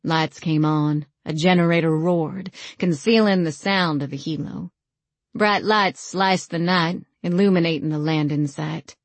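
A woman narrating a first-person novel in a wry, measured way, recorded on a close studio mic. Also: low-pitched, fairly even intonation, dry recording. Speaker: audiobook narrator.

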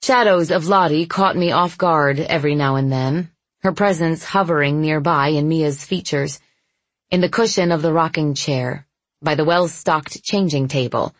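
A woman narrating a first-person story in a soft, intimate, measured way. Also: deep voice, no room sound. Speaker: audiobook narrator.

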